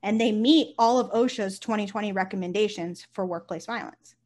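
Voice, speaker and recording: Woman, nurse guest, casual interview talk, animated storyteller, middle pitch. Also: brisk. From United States. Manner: animated storyteller, acts out quotes, swears casually.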